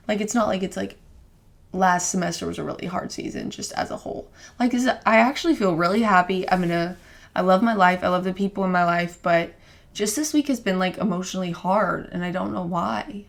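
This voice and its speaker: Young woman, low-ish voice, vocal fry, casual podcast chat, rambling, lots of filler words, earnest. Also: a little fast. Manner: rambling, heavy use of "like" fillers; earnest, openly emotional self-reflection. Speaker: podcast co-host.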